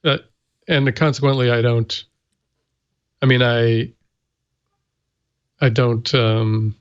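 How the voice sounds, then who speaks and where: A man's voice: mid-range voice, fairly even intonation, slow, clear, resonant tone, muffled recording. A man co-hosting a podcast in casual chat, giving short replies and dry quips. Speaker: podcast co-host.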